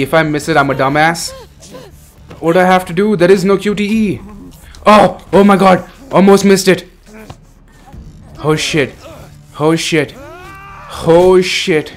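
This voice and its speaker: A young adult man commentating a horror game, excitable and swearing, calling everyone "bro". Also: a little high. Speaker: gaming streamer.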